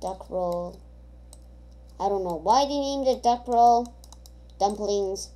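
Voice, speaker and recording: A woman's voice: medium pitch, slow, mellow. A woman giving casual gameplay commentary, rambling and thinking aloud with many hesitations. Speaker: gamer.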